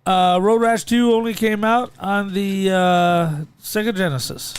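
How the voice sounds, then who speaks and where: High-voiced teasing male co-host. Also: steady tone, unhurried, clear, resonant tone. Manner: joking, teasing, laid-back. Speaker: podcast co-host. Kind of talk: casual podcast chat.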